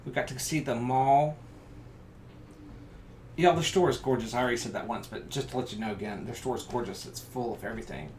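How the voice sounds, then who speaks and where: A man with a Southern US accent hosting a live crafting stream, chatting and rambling through stories with sudden excited bursts. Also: fairly quick, pauses often. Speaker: craft show host. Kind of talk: casual live-stream chat while crafting. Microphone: live-stream camera mic. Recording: echoey room with rumbling background noise.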